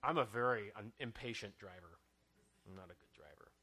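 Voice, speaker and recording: A man's voice: lowish voice, brisk, sharp tone. A man preaching a sermon in a conversational, self-mocking way, often checking in with "right?" and drawing out scripture lines for emphasis.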